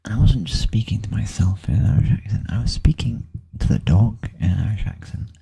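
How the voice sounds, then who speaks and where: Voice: low-pitched, a little fast, vocal fry, mellow, husky. A vlogger thinking aloud in a rambling, hesitant way while setting things up on a computer. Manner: rambling, hesitant, trailing off with many ums.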